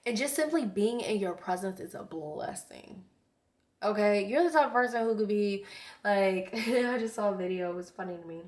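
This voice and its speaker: Woman, tarot reader, earnest, chatty, effusive, mid-pitched voice, occasional whispered asides. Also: moderate pace, a little mellow. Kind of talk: casual spiritual tarot reading.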